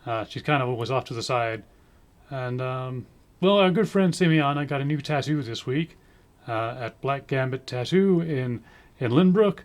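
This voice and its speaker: A man hosting in a casual chat, loose and unhurried, with many fillers. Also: medium pitch. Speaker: show host.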